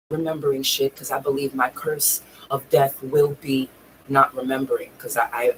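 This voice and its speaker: A woman's voice: very deep voice, slight background noise, low-quality recording. A woman vlogging, telling a personal story in a raw, emotional way, swearing freely and near tears at times. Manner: raw, profane, tearful at times.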